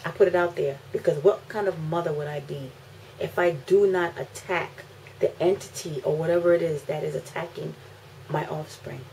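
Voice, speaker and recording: A fed-up mother vents straight to the camera in a lowish voice. She hammers her points home by repeating them, one moment loud and defiant, the next low and weary. A faint background hiss sits under her voice. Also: steady tone, moderate pace, creaky, rough recording. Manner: indignant, repeats phrases for emphasis, swings from loud outbursts to low, weary lines. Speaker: mother making a video complaint. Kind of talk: emotional rant to camera.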